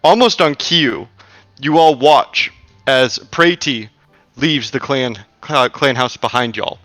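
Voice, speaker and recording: Bright-voiced man running a tabletop game. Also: medium pitch, no room sound, soft background music. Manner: casual, halting, filler-heavy. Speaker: game master.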